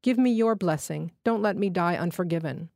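A woman's voice: on the low side, moderate pace, creaky, darkish tone, dry recording, studio quality. A woman reading the part of a dying male robber who begs weakly for forgiveness. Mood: pleading. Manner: begging, breathless and weak. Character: dying male thief, poor and pleading.

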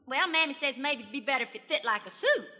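A woman's voice: high-pitched, lively intonation, fast talker, bright, forceful tone. A woman playing a chatty small-town country gossip gal in a 1940s radio comedy monologue, with a rural Southern accent and a folksy, gushing manner. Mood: gossipy. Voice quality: folksy, gushing, breathless storytelling. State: has a cold. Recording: reverberant 1940s radio broadcast from a hall.

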